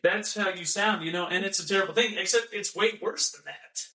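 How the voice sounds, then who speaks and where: A man with a high, bright voice rants through a mocking monologue and keeps circling back to repeat his points. He sounds set back from the microphone in a room with a lot of echo. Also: a little fast. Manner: ranting, repetitive, mocking, acts out quoted voices. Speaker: podcast host. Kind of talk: impassioned monologue. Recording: echoey room, voice from a distance.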